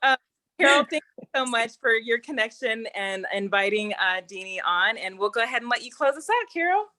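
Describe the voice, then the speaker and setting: A woman's voice: on the high side, animated, brisk, bright, forceful tone. A woman hosting a video call who chats casually and laughs often. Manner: giggly, chatty. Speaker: host. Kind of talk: casual chat.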